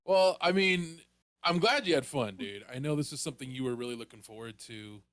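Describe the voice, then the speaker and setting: A man's voice: medium pitch, expressive, a little fast, a bit bright, clean tone, no room sound, studio quality. Man, co-host, casual chat, laid-back, teasing banter. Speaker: podcast co-host.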